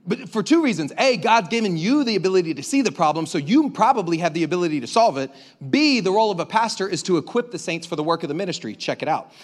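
A male pastor preaching a sermon in an energetic, conversational way, calling out to the congregation. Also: on the high side, fast talker. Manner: energetic, conversational preaching with crowd call-outs. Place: church auditorium. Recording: preached in a reverberant hall.

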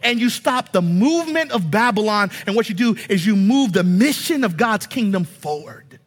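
Husky high-voiced man preaching in a hall. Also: normal speed. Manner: animated, emphatic preaching with rhetorical questions, swings between loud and hushed. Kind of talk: sermon.

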